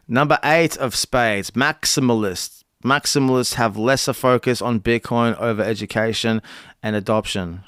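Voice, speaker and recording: A man's voice: medium pitch, a bit bright, smooth, no room sound, clean studio sound. A young man, reading cards aloud on a casual stream, stumbling and restarting lines between offhand chat. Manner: reads cards aloud haltingly, restarts and chats. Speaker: content creator.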